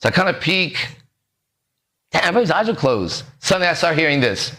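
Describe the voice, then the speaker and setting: A man's voice: fairly high pitch, big pitch swings, fairly quick, bright, forceful tone. A man hosting a podcast, telling a story in a casual, profane way and acting out the other people's voices. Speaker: podcast host.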